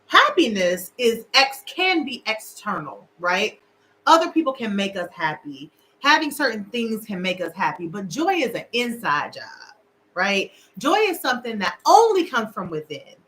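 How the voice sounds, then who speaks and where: A woman's voice: mid-range voice, sing-song, a little slow, sharp tone, slight background noise, rough recording. A middle-aged woman hosting a casual livestream, candid and emotional, talking straight to her viewers. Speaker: show host. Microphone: livestream camera.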